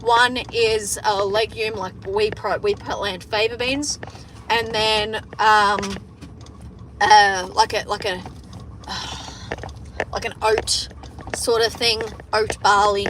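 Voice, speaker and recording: A woman's voice: medium pitch, fairly even intonation, takes it slowly, background noise. A young Australian woman who farms, chatting casually and bluntly on a livestream while reading comments, swearing freely. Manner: profane, blunt, joking. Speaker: farmer livestreamer.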